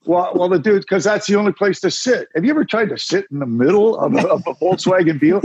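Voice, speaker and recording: A man's voice: high-pitched, lively intonation, fast, darkish tone, husky, no echo, lo-fi sound. A man telling stories as an interview guest in a rambling, casual way, acting out the voices of people he quotes. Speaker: guest, musician and former radio announcer. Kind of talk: casual storytelling.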